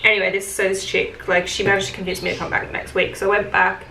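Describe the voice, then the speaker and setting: A woman's voice: mid-range voice, fast talker, creaky. Young woman, chatty makeup vlogger, lots of ums and likes, roomy echo, faint hiss. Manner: chatty, many fillers, animated retelling. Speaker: beauty vlogger. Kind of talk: casual get-ready-with-me storytelling. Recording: echoey room with faint hiss.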